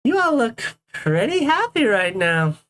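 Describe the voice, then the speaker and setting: A woman's voice: on the high side, big pitch swings, a little slow, fairly bright tone. A woman voicing a cheeky, smug female rabbit animatronic who teases the others. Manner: teasing, smug.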